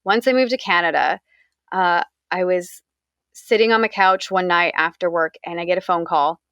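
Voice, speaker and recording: A woman's voice: on the low side, moderate pace, a bit bright, no echo, dull audio. A young woman from the United States, candidly recounting a personal story in an interview, talking conversationally with frequent fillers.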